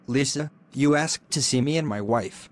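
A man voicing a calm, devout older brother in an animated drama, polite and measured. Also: medium pitch, natural voice.

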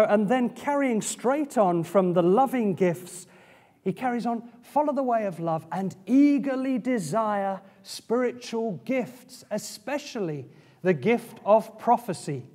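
High-voiced man preaching in a reverberant church. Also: darkish tone. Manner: conversational preaching with asides and restarts. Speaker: pastor. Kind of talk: sermon. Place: church hall. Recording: church hall with long reverb.

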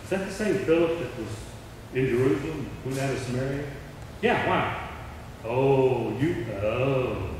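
Speaking a little slowly in an animated, mid-range voice with a darkish tone, a middle-aged man preaches through stories and acts out the voices within them. The recording, made with a distant mic in a big echoey church hall, carries slight background noise.

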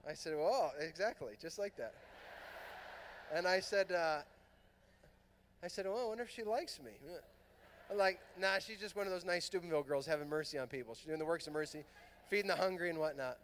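High-voiced man telling a story in a big hall. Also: a little fast, long pauses, a little hiss or hum. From Southern California. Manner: animated, acts out quoted dialogue. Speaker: priest and conference speaker. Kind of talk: storytelling talk to a youth conference. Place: large fieldhouse hall. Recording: long hall reverb.

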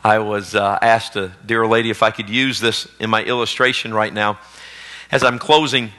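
A man preaching a sermon as pastor, swinging between loud exhortation and hushed storytelling. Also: lowish voice, little pitch movement, normal speed. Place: church sanctuary, live service. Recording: long reverb of a church hall.

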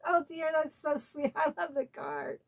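Chatty emotional woman vlogger, slightly high. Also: fairly even intonation, measured pace, slight background noise. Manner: chatty and emotional, tearful at times. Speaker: collector channel host. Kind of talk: casual unboxing vlog. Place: at home.

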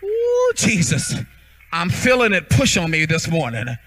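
A male pastor preaching a charismatic sermon, shouting and breaking into sung cadences. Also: a little high, big pitch swings, moderate pace, a little hiss or hum, low-quality recording. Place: church sanctuary.

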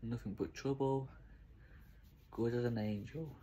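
A man's voice: medium pitch, a little slow, a little hiss or hum. A man, a vlogger, chatting casually and affectionately while petting his dog. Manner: relaxed, rambling, affectionate talk to his dog.

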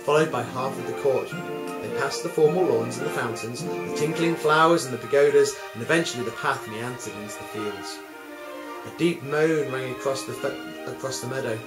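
Male music teacher narrating a tale, mid pitch, echoey room with music behind. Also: moderate pace. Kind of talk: storytelling over music.

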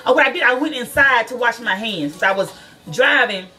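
A woman's voice: fairly high pitch, expressive, a little fast, bright, forceful tone, far from the mic. Chatty, cursing woman vlogging to viewers. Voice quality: chatty, swears freely, calls viewers y'all. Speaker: nail and beauty school student vlogger. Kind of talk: casual chat to viewers.

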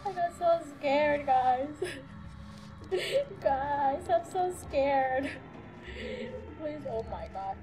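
Young woman gamer, high voice, easily startled, nervous running commentary, game music underneath. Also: expressive, extremely slow, pauses often. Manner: jumpy, nervous, gasping and exclaiming. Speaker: let's play gamer. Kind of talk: frightened gameplay commentary.

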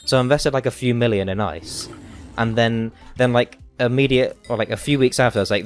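A man's voice: medium pitch, a little fast, soft background music. A man, a game streamer chatting casually live, joking and whining in a mock-dramatic way at his chat.

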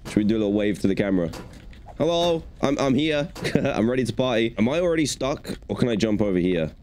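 A man's voice: lowish voice, animated, quick pace, a little mellow, slight background noise. A young man giving chatty, playful commentary while playing a video game. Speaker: gaming YouTuber. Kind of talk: gaming commentary.

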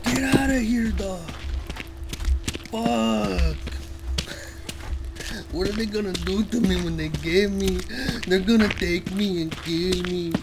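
A young man casually commenting on a horror game as he plays, full of slang and swearing, now and then yelling in panic. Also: high voice, slow pace, vocal fry, long pauses, very noisy. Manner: profane, slangy, keeps saying "dog", yells in panic at scares. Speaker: gameplay streamer. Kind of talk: casual let's play commentary. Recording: loud game music behind the voice.

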